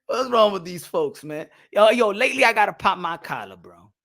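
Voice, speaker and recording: High-pitched gravelly guy ranting about boxing deals, swearing a ton, bright edgy voice. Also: normal speed. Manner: loud, profane, animated, laughing often. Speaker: boxing channel host. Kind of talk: ranting reaction to viewer comments.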